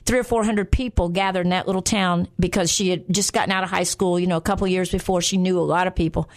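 A woman's voice: lowish voice, steady tone. Earnest woman hosting Christian radio. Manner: earnest, slows down for emphasis. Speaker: radio show host. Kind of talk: Christian radio talk, personal storytelling.

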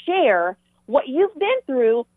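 An older woman with a Southern US accent, sharing animated faith testimony on a talk show. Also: sits high, slow, dry recording. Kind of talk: Christian talk show chat. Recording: tinny phone-like line.

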